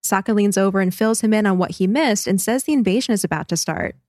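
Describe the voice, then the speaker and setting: A woman co-hosting a podcast, recapping an episode in a brisk, cheerful way. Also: mid-range voice, a little mellow, no echo, clean studio sound. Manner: brisk recap, laughs easily. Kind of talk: casual chat and episode recap.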